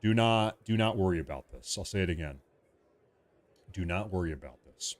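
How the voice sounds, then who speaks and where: Low-voiced man calmly reassuring viewers. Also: normal speed. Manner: repetitive, reassuring, clears throat often. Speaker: livestream host. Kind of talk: casual live commentary.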